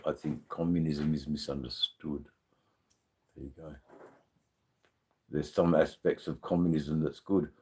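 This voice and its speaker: A man's voice: rumbling low, steady tone, a little slow, long pauses, dark tone, breathy edge. A man with an Australian accent hosting a casual live stream, a bit tipsy, rambling and swearing as he answers viewers' comments. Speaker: livestream host.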